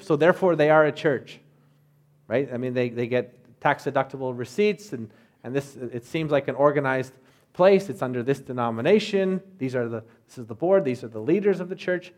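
A man in his thirties preaching a sermon as a pastor, in a conversational way with rhetorical asides. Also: mid-range voice.

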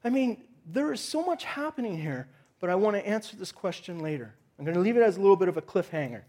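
A male pastor preaching a sermon in an animated, conversational storytelling way, with touches of humor. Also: high voice, quick pace.

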